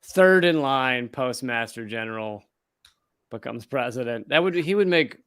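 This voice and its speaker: A man's voice: mid-range voice, animated, measured pace, a bit bright, clear, resonant tone, no room sound, studio quality. A man co-hosting a podcast, talking in a blunt, profane, sardonic way. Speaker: podcast co-host. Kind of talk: casual podcast chat.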